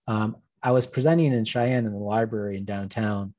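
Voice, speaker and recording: A man's voice: lowish voice, steady tone, normal speed, a little mellow, no echo. A man, an urban planning consultant, giving a public lecture with slides, talking plainly and telling wry anecdotes.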